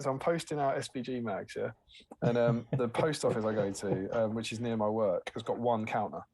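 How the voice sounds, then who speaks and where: A man's voice: medium pitch, slight background noise. A man co-hosting a casual livestream chat, telling anecdotes and laughing often. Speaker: co-host.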